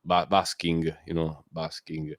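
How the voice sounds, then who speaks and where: A man's voice: a bass voice, monotone, unhurried, no echo, clean studio sound. A man from Italy speaking English with an Italian accent, chatting casually on a stream with many fillers and restarts. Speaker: guest caller on a community stream. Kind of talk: casual chat.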